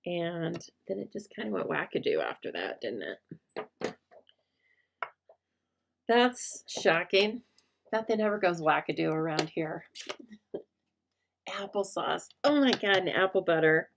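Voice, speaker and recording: Gravelly low-voiced woman hosting a craft stream. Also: big pitch swings, slow, pauses often, noisy background. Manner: chatty and rambling, talks to viewers by name; self-deprecating. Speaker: rubber stamp crafting host. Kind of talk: casual live-stream craft chat.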